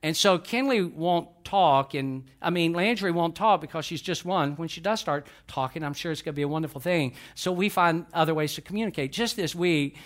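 A man's voice: a little high, fairly quick, few pauses, a bit bright. An older man preaching a sermon in a folksy way, telling stories and asking the congregation questions. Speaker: pastor.

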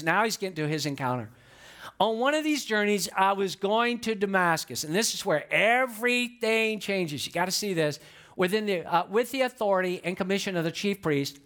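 A man's voice: sits high, animated, normal speed, fairly bright tone. A man preaching a sermon in a conversational, explanatory way, putting questions to the congregation. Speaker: pastor.

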